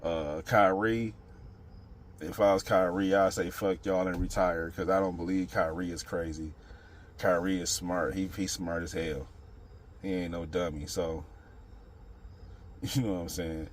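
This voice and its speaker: A man with a notably low voice talks straight to his channel's viewers in an unscripted opinion monologue. He rambles, circles back on his points, and leans on slang and the same filler phrases again and again. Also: steady tone, unhurried, pauses often, a little hiss or hum. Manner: rambling, street slang, repeats "you know what I'm saying". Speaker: channel host.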